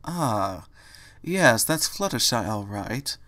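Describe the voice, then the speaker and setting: Man putting on a purring, slow female cat villain for a storybook read; spiteful, unhurried. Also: mid-range voice, very animated, bright, forceful tone, full character voice. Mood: mocking. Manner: slow, sly and mocking. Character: malicious slow-talking female white cat.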